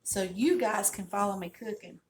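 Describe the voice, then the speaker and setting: A woman's voice: medium pitch, normal speed, a little hiss or hum. Chatty Southern woman in her kitchen. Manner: folksy, chatty, storytelling. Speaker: cooking channel host. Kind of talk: casual cooking demonstration. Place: home kitchen.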